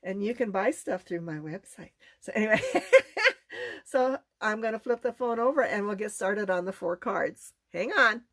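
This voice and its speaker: A woman's voice: medium pitch, lively intonation, a bit bright, no echo. A middle-aged woman with a stuffy, congested voice, chatting casually as she demonstrates card making. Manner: chatty, unhurried, talks while working. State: congested, sniffling. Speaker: card-making class teacher. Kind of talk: casual craft tutorial.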